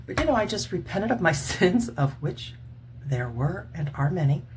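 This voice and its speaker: A woman's voice: on the low side, very animated, moderate pace, slight background noise. A woman in her sixties talking casually and earnestly at home to her camera, laughing now and then as she chats. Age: 60s. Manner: chatty, earnest, laughs often. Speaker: vlogger. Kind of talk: casual makeup chat and testimony.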